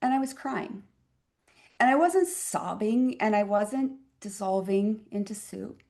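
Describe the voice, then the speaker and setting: A woman physician in her fifties, a podcast guest telling a personal story in a reflective, expressive way with wry asides. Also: medium pitch, measured pace. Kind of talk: conversational interview storytelling.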